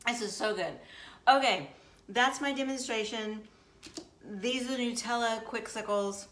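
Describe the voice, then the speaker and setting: Talking directly to viewers from her kitchen in the American Midwest, a woman hosts a casual recipe demo in a chatty, upbeat way. Her mid-range voice is a bit bright, and she speaks at a normal speed.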